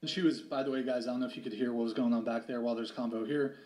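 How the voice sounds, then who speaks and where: A man's voice: medium pitch, fairly even intonation, rapid-fire, darkish tone, echoey room. A man hosting a podcast, talking casually and hesitantly, with many fillers. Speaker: podcast host.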